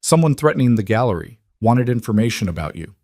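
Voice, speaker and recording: A man's voice: mid-range voice, sing-song, fast talker, a little mellow, dry recording, studio quality. A man voicing a proud, guarded young woman in a romance audiobook, lifting his voice for her. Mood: defensive.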